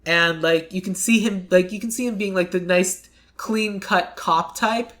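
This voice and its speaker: Chatty podcast host, mid-pitched voice. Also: fairly bright tone. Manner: chatty, fills speech with "like", acts out quick quotes. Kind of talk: casual chat.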